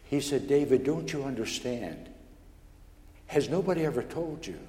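A man's voice: medium pitch, normal speed. Stammering preacher man in an echoey hall. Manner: stammering, animated storytelling with rising excitement. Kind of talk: sermon testimony. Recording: echoey hall with long reverb.

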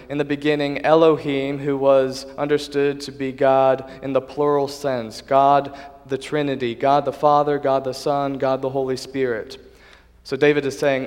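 A man preaching a sermon in an earnest, measured way, now and then restarting a phrase. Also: mid-range voice. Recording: long reverb of a hall.

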